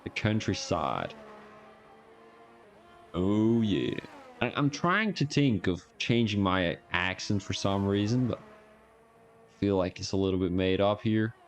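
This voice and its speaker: A man's voice: fairly low pitch, measured pace. A man with a Belgian accent giving rambling, joking, self-mocking commentary on a live-streamed sim racing league.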